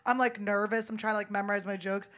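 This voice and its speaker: A woman comedian guesting on a live podcast, telling stories in a sarcastic, deadpan way. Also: medium pitch, fast talker, slight background noise. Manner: sarcastic, deadpan storytelling with laughing asides. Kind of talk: casual live podcast chat.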